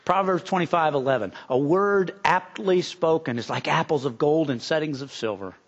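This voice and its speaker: A man's voice: a little high, moderate pace. A middle-aged male pastor preaching a sermon in an earnest way, often restarting and building to emphatic peaks. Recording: slightly dull lo-fi recording.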